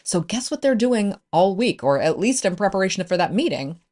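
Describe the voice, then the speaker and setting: A woman's voice: medium pitch, sing-song, fairly quick, a little mellow. A woman business coach hosting a solo podcast, upbeat and encouraging in a conversational way.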